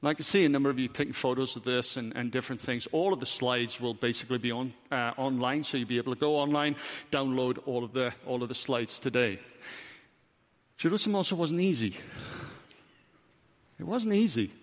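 A man's voice: medium pitch, fairly quick. A man with a Welsh accent, preaching a sermon as pastor, emphatic and full of rhetorical questions. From Wales. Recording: reverberant hall.

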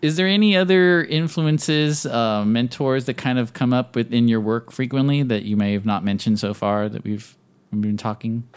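A man's voice: mid-range voice, fairly even intonation, moderate pace, clean tone. A man interviewing a guest in a casual conversation, asking curious follow-up questions.

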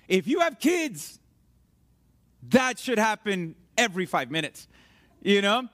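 High-voiced pastor man, chatty sermon. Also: sing-song, unhurried, pauses often, a bit bright. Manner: joking, chatty, asks the congregation questions. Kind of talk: conversational sermon.

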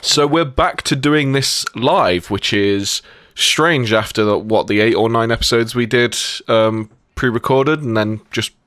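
A man's voice: medium pitch, measured pace, a bit bright, no echo, clean studio sound. A young man hosting a casual podcast, laughing and joking, with many ums and restarts. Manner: laughing, joking, hesitant with fillers. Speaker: podcast host.

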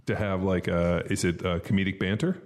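Low-voiced man rambling on a podcast. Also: fairly even intonation, brisk. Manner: rambling, filler-heavy storytelling. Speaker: podcast host. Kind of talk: casual podcast banter.

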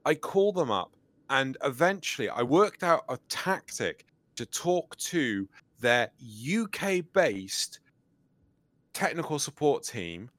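A man's voice: mid-range voice, very animated, slow pace, a bit bright, no room sound. A young man, a podcast co-host, tells a story in casual chat and acts out both sides of a phone call.

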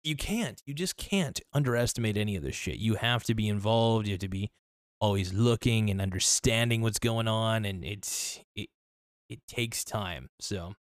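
A man hosting a casual solo podcast, talking in a loose, rambling, profane way with many restarts, his voice a little worn and hoarse. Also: fairly low pitch, no room sound, clean studio sound. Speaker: podcast host.

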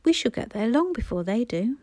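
Woman playing a schoolboy, eager, bossy, brisk, storybook, mellow. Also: a little high, sing-song, dry recording. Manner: brisk, panting, leading the others.

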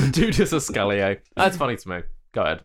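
A man's voice: mid-range voice, big pitch swings, a little fast. A man co-hosting a casual comedy podcast, playful and laughing often, slipping into silly voices. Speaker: podcast co-host.

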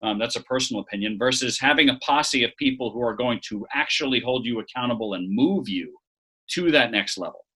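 Man, husky bright voice, opinionated, casual talk. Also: mid-range voice, a little fast, low-quality recording. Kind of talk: casual conversation.

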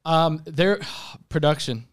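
A man of Greek heritage chatting casually as a guest, earnest, with halting restarts. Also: on the high side. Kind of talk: casual chat, telling a story.

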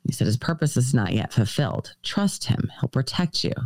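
A woman's voice: a bass voice, sing-song, moderate pace, vocal fry, a little mellow, no room sound. A woman guest on a podcast, earnestly recounting a personal story and quoting dialogue in shifting voices. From United States.

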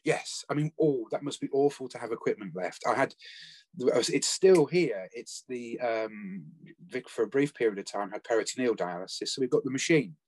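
A man's voice: medium pitch, expressive, a little mellow, no room sound. Reflective man, dry close sound. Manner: earnest, reflective, halting with restarts. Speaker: bereaved former family carer, guest. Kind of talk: conversational interview chat.

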